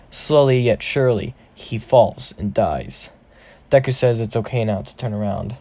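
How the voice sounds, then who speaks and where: A man's voice: mid-range voice, dark tone. A man casually narrating a fan-fiction story, rambling and often correcting himself.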